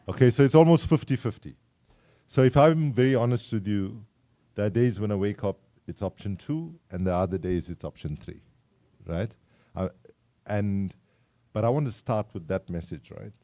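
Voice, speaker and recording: Low, mellow-voiced South African man. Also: lively intonation, normal speed. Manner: engaging, wry, polls the audience with questions. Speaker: climate activist speaker. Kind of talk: public talk to a live audience.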